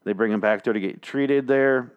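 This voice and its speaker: A man hosts a solo podcast from a small studio, wearing headphones at a studio mic as he rambles through a casual recap full of swearing and jokes. His mid-range voice moves at normal speed and sounds clean, though the highs are cut off.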